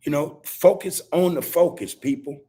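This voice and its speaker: A man's voice: on the high side, normal speed, warm tone, husky. A man hosting a podcast, talking casually to his listeners, preachy and repetitive, full of street slang. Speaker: podcast host. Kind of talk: casual monologue. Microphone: video call.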